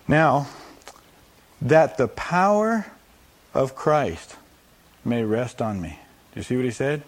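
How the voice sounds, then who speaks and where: A man's voice: mid-range voice, husky. A man preaching a sermon, acting out prayers and quotes and laughing often as he teaches.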